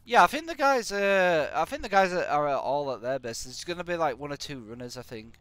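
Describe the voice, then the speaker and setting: Animated man streaming a game. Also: on the high side, brisk, clear, resonant tone, no room sound. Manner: jokey, sarcastic, animated, bursts of exclamations. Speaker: live-streaming gamer. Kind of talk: live gameplay commentary. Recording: faint music in the background.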